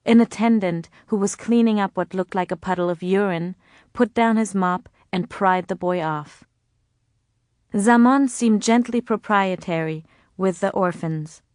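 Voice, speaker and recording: A woman reads a novel aloud in a measured, even way. Her voice sits at an ordinary mid pitch. The recording is dry and close. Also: no room sound. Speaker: audiobook narrator. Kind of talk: scripted narration.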